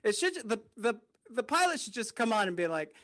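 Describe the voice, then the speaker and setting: A man's voice: high-pitched, big pitch swings, brisk, a bit bright. A male comedian doing a rambling stand-up set over a video call, often chuckling at his own jokes.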